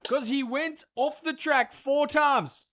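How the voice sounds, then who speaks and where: A man hosting a live race watchalong stream, giving excitable, profane, ranting commentary. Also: extremely high pitch, slow pace, no echo.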